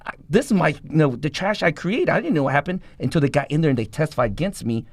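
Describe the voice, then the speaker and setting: A middle-aged man telling a rough life story in an interview, in a rapid, profane and animated way. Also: on the high side, no room sound. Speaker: guest.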